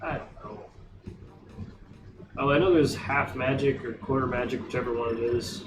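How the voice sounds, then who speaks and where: A man's voice: medium pitch, steady tone, moderate pace, recorded from a distance, noisy background. A man giving chatty, rambling let's play commentary, recorded off-mic in a roomy space with game music behind. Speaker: gamer streamer.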